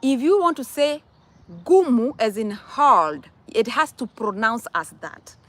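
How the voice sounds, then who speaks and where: A woman's voice: a little high, lively intonation, measured pace, no echo. Emphatic Kenyan woman, dry close sound. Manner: emphatic, rhetorical questions, repeats words. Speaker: vlogger answering viewer questions. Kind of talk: casual advice talk.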